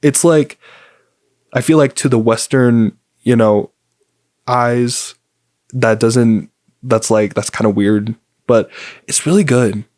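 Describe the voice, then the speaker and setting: A man's voice: mid-range voice, fairly even intonation, slow pace, pauses often, a little mellow, no room sound, studio quality. A young adult man from the United States hosting a podcast, talking in a rambling, upbeat way with lots of fillers. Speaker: podcast host. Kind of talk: casual solo podcast chat.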